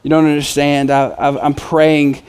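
A man's voice: fairly high pitch, little pitch movement, unhurried, darkish tone, smooth, natural voice. A distraught young wife pleading and insisting, as a male preacher puts her on. She repeats herself in desperate frustration. This is a light sketch inside a sermon, with the preacher's own voice underneath.

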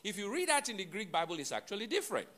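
A man preaching a sermon to his congregation, teaching deliberately, repeating and spelling out key words, with playful asides to the listeners. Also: sits high, big pitch swings, a bit bright. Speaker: pastor.

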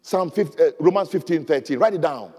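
A man preaching a sermon, reading scripture and leading prayers, swinging from loud cries to near murmurs. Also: expressive, fairly quick, breathy edge, in a large hall. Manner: preaching with dramatic swings in pitch and volume. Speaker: pastor.

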